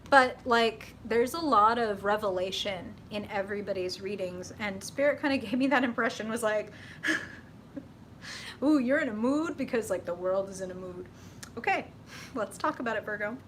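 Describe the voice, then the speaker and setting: A woman hosting a live tarot reading stream, chatty and excitable, with lots of fillers and laughter. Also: a little high, slight background noise.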